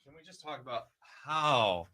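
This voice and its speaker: A man's voice: mid-range voice, lively intonation, normal speed, bright, forceful tone, no room sound. A man co-hosting a sports radio show, wry and provocative, on a studio mic. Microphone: studio microphone.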